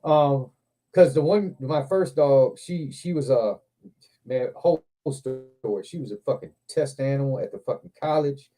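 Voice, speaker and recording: Mellow-voiced man telling rambling stories. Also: medium pitch, moderate pace. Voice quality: profane, rambling, animated anecdotes. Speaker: livestream host. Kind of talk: casual storytelling chat.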